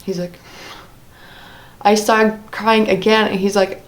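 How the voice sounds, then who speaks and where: A woman's voice: mid-range voice, flat delivery, slow. A young woman telling a personal story in a casual monologue, rambling, with many fillers and restarts. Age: young adult. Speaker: vlogger.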